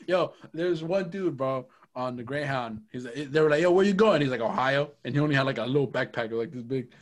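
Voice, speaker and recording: A man's voice: medium pitch, normal speed. A young man co-hosting a podcast in casual chat, loose and joking, always saying "bro" and "you know what I mean". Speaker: podcast co-host.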